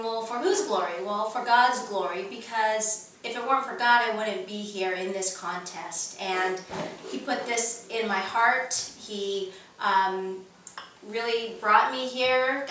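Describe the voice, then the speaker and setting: A woman from California presenting her own recipe in a casual home cooking demo, talking in an earnest, chatty way with many pauses and fillers. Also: mid-range voice, a bit bright, a little hiss or hum. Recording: very echoey room, mic at a distance.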